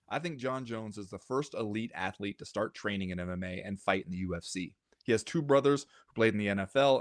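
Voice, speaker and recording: A man's voice: lowish voice, dry recording, clean studio sound. Wry man reading listener comments. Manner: reads listener comments aloud, wry and animated. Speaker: podcast co-host. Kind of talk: casual chat.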